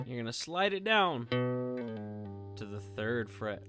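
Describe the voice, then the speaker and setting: Indoors with a guitar, a man teaches music to his students in a mid-range voice that swings widely in pitch, speaking slowly with frequent pauses. His manner is encouraging, and he checks in again and again with "okay?" and "all right?"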